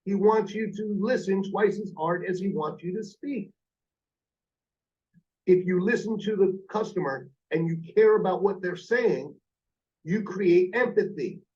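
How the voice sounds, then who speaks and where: A man's voice: high-pitched, measured pace, a little mellow, lo-fi sound. A man training call-center staff on phone sales, speaking emphatically and repeating his key points. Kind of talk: coaching a call-center team.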